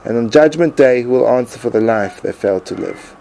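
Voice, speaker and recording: A man and Torah teacher reading his own personal essay aloud in an earnest, emotive way with dramatic pauses. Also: mid-range voice, gravelly, noisy background.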